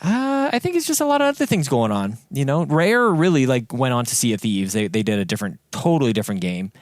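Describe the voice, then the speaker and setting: A man's voice: medium pitch, sing-song, quick pace, no room sound, studio quality. A young man co-hosting a gaming podcast, chatting casually with frequent fillers and easy laughter. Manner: laughs easily, hesitant with fillers. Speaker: podcast co-host. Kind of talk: casual chat.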